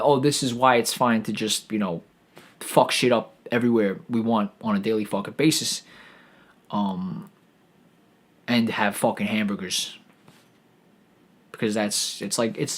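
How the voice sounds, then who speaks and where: A podcast host, rambling through a profane solo monologue full of restarts and stammered false starts. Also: male voice, medium pitch. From New York.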